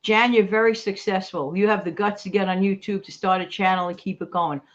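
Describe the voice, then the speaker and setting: A woman's voice: medium pitch, steady tone, fairly quick, muffled recording. A middle-aged woman with a New York accent, chatting live and encouraging her viewers in a motivational way. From New York City. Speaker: livestream host. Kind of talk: casual live chat.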